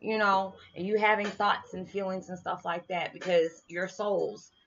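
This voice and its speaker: A woman talking casually to her viewers about spiritual matters, animated and often laughing. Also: medium pitch, unhurried. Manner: animated, laughing, lively swings in loudness. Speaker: vlogger. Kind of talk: casual spiritual vlog talk. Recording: dull lo-fi sound with faint music.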